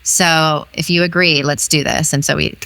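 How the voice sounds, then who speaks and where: A woman being interviewed as an intimacy educator, telling a story in an animated way and acting out the quoted dialogue. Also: low voice, normal speed, gravelly, clear, resonant tone, dry recording.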